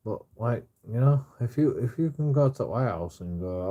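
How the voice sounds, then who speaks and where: A man's voice: mid-range voice, expressive, moderate pace, hardly any pauses, narrow, tinny audio. A man, a streamer, rants casually in a rambling, repetitive way and swears constantly. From England.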